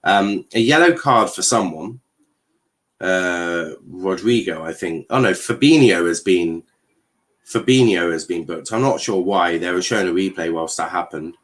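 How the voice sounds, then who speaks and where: A man's voice: low-pitched, unhurried. A man hosting a live football watchalong, commentating casually with jokes, swearing and lots of fillers. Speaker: host.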